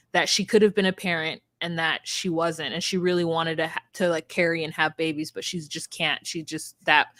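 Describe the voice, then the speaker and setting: A woman co-hosting a podcast, retelling and reacting in casual chat, emphatic and animated, with frequent fillers. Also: low voice, dry recording.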